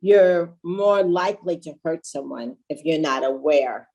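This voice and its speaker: A woman with a very low voice co-hosts a relaxed podcast conversation. She thinks aloud, pauses, and reworks her sentences as she goes. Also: lo-fi sound. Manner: thoughtful, halting, restarts mid-thought. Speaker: podcast co-host.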